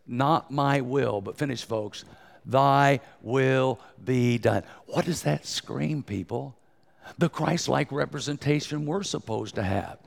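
Gravelly 60s evangelist preaching. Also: male voice, medium pitch. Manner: folksy, joking, calls for crowd participation. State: hoarse. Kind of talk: sermon.

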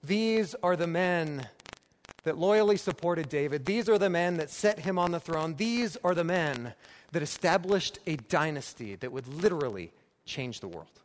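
A man's voice: a little high, lively intonation, moderate pace. A man preaching a sermon, emphatic and building his points through repeated phrases. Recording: long reverb with faint background noise.

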